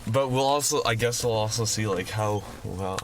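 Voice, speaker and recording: A man co-hosting a casual late-night podcast from a parked car, animated and loud, laughing often. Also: fairly low pitch, moderate pace, a little hiss or hum. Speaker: podcast co-host.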